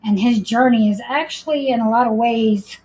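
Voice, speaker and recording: A woman co-hosting a casual pop-culture podcast, speaking in a measured way as she goes through her notes. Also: fairly high pitch, mellow, rough recording. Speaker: podcast co-host. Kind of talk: casual chat.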